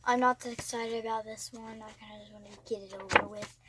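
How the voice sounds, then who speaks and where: A woman's voice: a little high, fairly even intonation, fast talker, a bit bright, slight background noise. A teenage girl vlogging at home about finishing a book series, gushing, often whispering and exclaiming "oh my gosh.". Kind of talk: casual vlog. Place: at home, in her bedroom.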